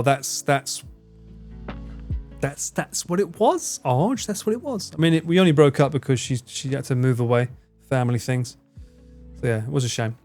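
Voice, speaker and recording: A man's voice: medium pitch, a little mellow. A man in casual live-stream chat, rambling, swearing freely and laughing often as he answers his chat. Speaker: livestreamer.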